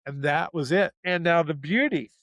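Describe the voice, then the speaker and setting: A man guest in an interview, telling a personal story in an animated way, speeding up and slowing down as he goes. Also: a little high, no echo. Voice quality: gravelly.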